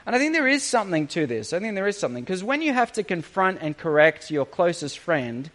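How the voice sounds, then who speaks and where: Lively, high-voiced male preacher. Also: fairly quick. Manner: earnest, uses rhetorical questions and sarcasm. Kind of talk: sermon.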